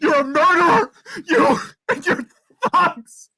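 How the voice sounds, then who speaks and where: A woman's voice: very high voice, lively intonation, slow pace, pushed and bright, full character voice. Woman playing a grieving, enraged young son. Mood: furious. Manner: raw, sobbing outbursts. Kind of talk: stage reading of a play.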